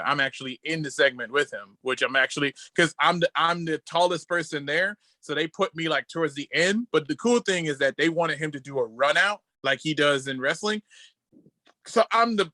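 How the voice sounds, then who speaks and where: Bright-voiced man telling excited stories. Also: no room sound. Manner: excited storytelling, quoting others in a lowered voice. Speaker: podcast co-host. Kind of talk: casual podcast chat over a video call. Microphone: video call.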